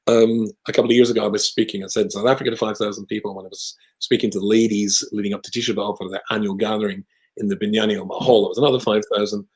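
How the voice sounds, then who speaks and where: A man with a British accent, a rabbi telling a long personal story in conversation, with lively asides. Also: on the low side, racing, poor audio. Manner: animated anecdotal storyteller with asides.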